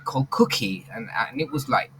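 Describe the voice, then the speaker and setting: A man's voice: mid-range voice, animated, moderate pace, fairly bright tone, slight background noise, rough recording. Hesitant male teacher on a video call. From England. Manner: hesitant, many fillers and restarts. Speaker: English teacher. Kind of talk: online class discussion. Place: home, online video call. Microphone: computer mic on video call.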